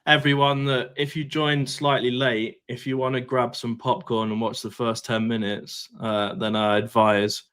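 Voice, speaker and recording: A man's voice: medium pitch, flat delivery, moderate pace, few pauses, a bit bright, clean tone. A man on a football fan panel, blunt and dryly teasing the others. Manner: blunt, dry teasing remarks. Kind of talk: live fan show panel chat.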